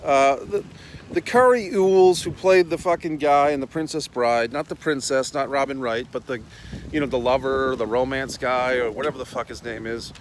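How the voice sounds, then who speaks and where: A man's voice: medium pitch, moderate pace, a little hiss or hum, poor audio. A middle-aged man hosting a casual, profane rant while walking outdoors. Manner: blunt, profane, rambling. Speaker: host.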